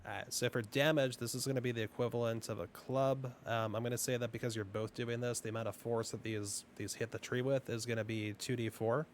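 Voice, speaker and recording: A man running a tabletop game as game master, explaining rules in a rambling way with lots of fillers and sudden fast bursts. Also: mid-range voice, steady tone, faint music behind.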